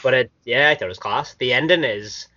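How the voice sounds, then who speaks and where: Bright, chatty man on a lo-fi podcast. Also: mid-range voice, brisk. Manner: chatty and excitable, laughs often. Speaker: podcast co-host. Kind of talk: casual chat. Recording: dull lo-fi recording.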